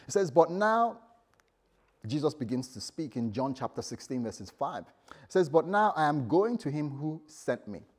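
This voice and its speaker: A man's voice: mid-range voice, darkish tone, slightly rough. A male preacher giving a sermon, telling stories animatedly and acting out the voices of the people in them.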